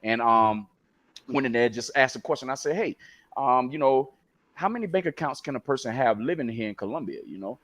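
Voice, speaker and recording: Fast-talking laid-back man, dry sound. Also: medium pitch, animated, a bit bright, no echo. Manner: laid-back, peppers talk with "you know what I'm saying". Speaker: guest on a live stream. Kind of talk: casual chat. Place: lives abroad in Colombia.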